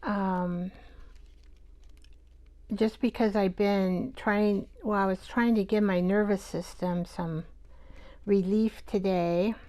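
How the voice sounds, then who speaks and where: A woman hosting a live art show, chatting and thinking aloud as she works, with soft half-whispered asides. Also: medium pitch, fairly even intonation, slow pace, long pauses. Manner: chatty, rambling, talks to herself while working.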